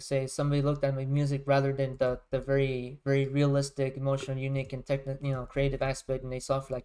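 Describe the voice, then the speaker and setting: A man's voice: mid-range voice, a little mellow, smooth. A man, a music creator, chatting casually on a livestream, rambling and circling back to rephrase his points.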